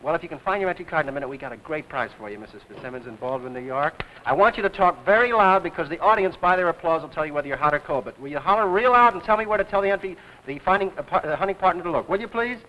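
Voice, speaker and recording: A man hosting a live 1950s television game show with brisk, excitable patter. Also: a little high, muffled recording, slight background noise.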